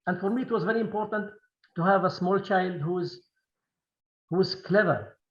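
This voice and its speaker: A man who speaks Kurdish as his first language, a film director answering questions in a halting Q&A, restarting and repeating words often. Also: high-pitched, reverberant, lo-fi sound. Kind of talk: Q&A interview.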